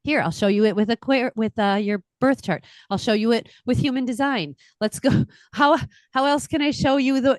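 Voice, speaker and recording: A middle-aged woman, an astrologer and podcast co-host, chatting casually and telling stories in an animated way, laughing often. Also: mid-range voice, no room sound, clean studio sound. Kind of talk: casual chat.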